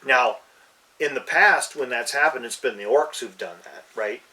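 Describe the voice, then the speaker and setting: A man's voice: mid-range voice, moderate pace, bright, forceful tone, recorded from a distance, low-quality recording. A man co-hosting a casual podcast chat, easygoing and agreeable, chiming in and summing things up. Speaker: player and co-host.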